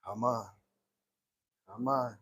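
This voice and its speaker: A man who runs a gelato shop, chatting casually on a live stream as he works and often clearing his throat. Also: mid-range voice, steady tone, slow, a bit bright. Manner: chatty, talks to himself while working, clears throat often. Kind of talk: casual live-stream chat while working. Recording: clear background noise with clicks.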